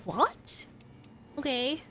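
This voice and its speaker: A woman live-streams a game, reading its text aloud and cutting in with casual remarks and laughs. Her voice sits slightly high. A faint background hum sits under the recording. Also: very animated, extremely slow, pushed and bright.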